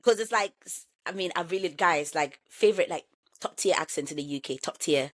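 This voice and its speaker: A young woman who grew up in Ghana, hosting a casual podcast chat in an animated, emphatic way and laughing often. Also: lowish voice, brisk. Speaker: podcast host.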